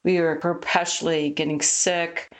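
A woman's voice: on the low side, level tone, unhurried. A woman, a missionary guest, earnestly retelling a personal story with vivid quoted dialogue.

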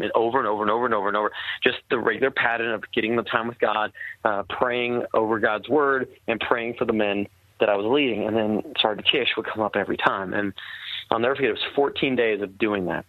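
A man's voice: on the low side, fairly even intonation, fast, dry recording. A man, a former army captain, earnestly telling a personal war story in casual conversation, with many fillers and restarts. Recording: tinny phone-like line.

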